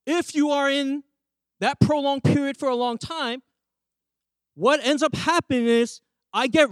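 Guy preaching a sermon, really high voice, keeps asking the congregation stuff, dry close sound. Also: dry recording. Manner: emphatic, asks the congregation questions. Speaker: pastor. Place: church.

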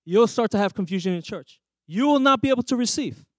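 A man's voice: sits high, lively intonation, fast, no echo. A man who is a pastor, preaching a sermon and often asking the congregation questions. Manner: emphatic, asks the congregation questions. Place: church.

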